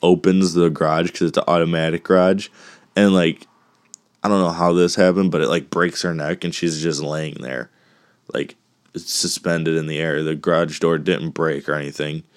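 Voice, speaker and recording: A man's voice: extremely low pitch, little pitch movement, moderate pace, no echo, studio quality. A man casually recapping a movie between coughs, rambling, joking and swearing as he goes.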